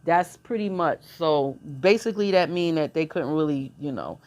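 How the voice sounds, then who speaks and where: Blunt, slangy, low-voiced woman. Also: lively intonation, normal speed, a little mellow. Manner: blunt, laughing, slangy storytelling. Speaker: channel host. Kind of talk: casual monologue.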